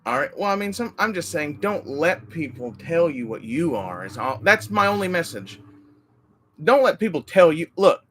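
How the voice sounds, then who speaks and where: A man in his forties chatting casually on a livestream while crafting. He rambles, swears often and greets viewers excitably. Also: fairly high pitch, normal speed, a little hiss or hum. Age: 40s. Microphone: desk microphone.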